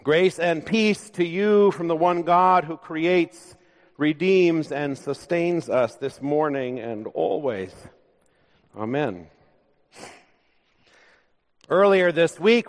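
A male pastor preaching a sermon in a church, speaking in a measured, conversational way with light humor. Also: fairly high pitch. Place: church sanctuary. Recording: long reverb of a large church.

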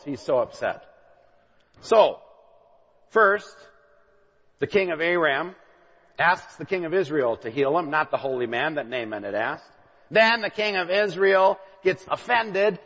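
A man's voice: fairly high pitch, lively intonation, unhurried, fairly bright tone, slightly rough. A man in his thirties preaching a sermon, retelling a story with asides and acting out the characters' lines. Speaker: pastor. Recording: dull recording with long hall reverb.

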